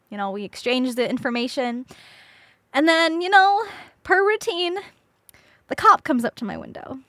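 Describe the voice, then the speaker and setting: Young woman streamer, high, swooping voice, dry close sound, laughs and swears through casual stories. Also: measured pace, pauses often, no echo. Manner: animated, laughs often, swears freely. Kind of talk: casual storytelling to a chat.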